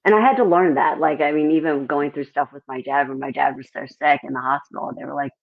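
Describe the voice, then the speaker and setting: A middle-aged woman, a country singer-songwriter, chatting as an interview guest and telling lively stories. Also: low-pitched, fairly quick, narrow, tinny audio. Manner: animated storytelling, acts out others' voices. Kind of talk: casual interview chat.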